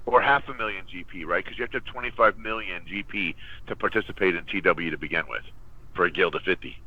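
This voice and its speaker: A man's voice: sits low, fast talker, pushed and bright, muffled recording. A man co-hosting a casual gaming chat, often restarting his sentences. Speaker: podcast co-host.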